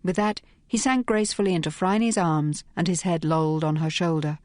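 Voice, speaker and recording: A woman narrating an audiobook in a brisk, crisp, wry manner, close to the microphone. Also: on the low side, fairly even intonation, darkish tone, no room sound. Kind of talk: scripted narration.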